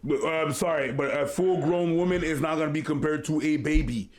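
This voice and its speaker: A man's voice: on the high side, steady tone, a little fast. A man co-hosting a podcast, arguing in a dismissive, profane way. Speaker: podcast co-host. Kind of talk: heated podcast debate.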